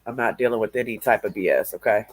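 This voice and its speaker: A man's voice: lowish voice, fast talker, breathy edge, no echo. A man hosting a casual livestream, stuffy and sniffling from allergies, rambling and drawling with laughs between remarks. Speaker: livestream host.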